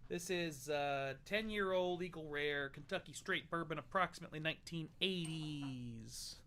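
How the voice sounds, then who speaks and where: A man's voice: fairly high pitch, moderate pace, bright, forceful tone, a little hiss or hum. A young man hosting a livestream, chatting loosely and joking while tasting bourbon. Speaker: livestream host. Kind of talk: casual tasting chat.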